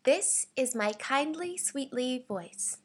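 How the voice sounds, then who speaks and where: A woman voice actor introducing her audition reads, speaking slowly and breathily. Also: sits high, expressive. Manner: slow, breathy and bright. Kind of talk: audition demo reel.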